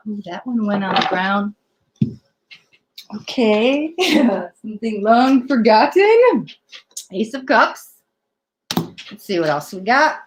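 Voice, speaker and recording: A woman giving a live tarot reading on a laptop mic, chatty and excitable, quick to laugh and gushing over the cards. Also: on the high side, slight background noise. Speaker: tarot reader. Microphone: laptop built-in.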